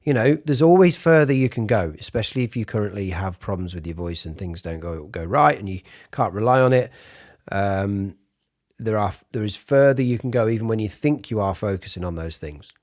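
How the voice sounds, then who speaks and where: A raspy, breathy-voiced man giving a casual singing lesson, demonstrating sounds as he explains. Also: lowish voice, expressive, brisk, darkish tone. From United Kingdom. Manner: informal, demonstrates sounds mid-sentence. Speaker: vocal coach.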